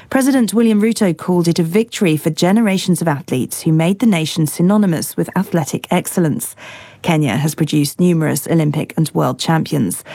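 Low, mellow newsreader woman. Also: no echo. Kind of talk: news bulletin reading.

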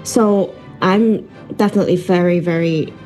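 Woman conductor from Hong Kong, low mellow voice, earnest, filler-heavy interview answers, faint music behind. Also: normal speed. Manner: earnest, lots of fillers, laughs while telling stories. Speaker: orchestra conductor. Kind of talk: broadcast interview.

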